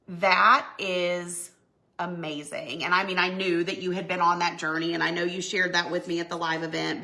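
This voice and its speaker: A woman hosting a casual live stream, with a bright, forward voice. She is emotional and effusive, and she gushes warmly over viewers' comments as she talks. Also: fairly low pitch. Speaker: home goods brand owner hosting a live stream. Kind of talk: casual live stream chat while signing.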